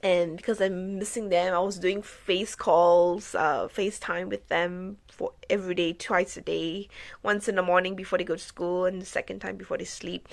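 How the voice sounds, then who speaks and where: A woman's voice: mid-range voice, vocal fry, a bit bright, no echo. A woman vlogger and mother chatting casually in a rambling story-time vlog, with many restarts and fillers.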